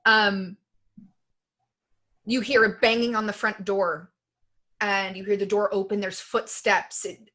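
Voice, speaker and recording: A woman narrating as game master of a tabletop game, describing scenes step by step. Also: medium pitch. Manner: descriptive, steady storytelling.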